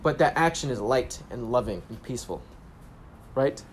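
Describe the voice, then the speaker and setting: A man's voice: mid-range voice, animated, moderate pace, a little hiss or hum. A young man telling a casual story in a self-help vlog, laid-back, swearing freely and using spiritual catchphrases. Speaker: vlogger. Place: grocery store trip, talking on the go.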